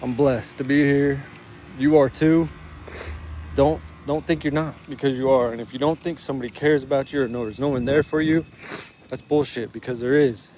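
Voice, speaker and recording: A man's voice: mid-range voice, darkish tone, a little hiss or hum. Candid, emotional man. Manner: candid, heartfelt, swears freely, many fillers. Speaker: vlogger sharing his recovery. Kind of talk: emotional personal vlog. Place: outdoors in sun and breeze.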